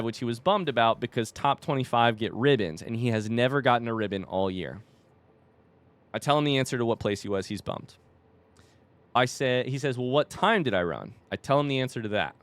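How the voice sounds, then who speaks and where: A man's voice: medium pitch, expressive, moderate pace, a bit bright, dry recording. Rambling young man telling a story. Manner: rambling, fillers and restarts, casual swearing. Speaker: streamer and youth cross country coach. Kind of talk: casual storytelling while gaming.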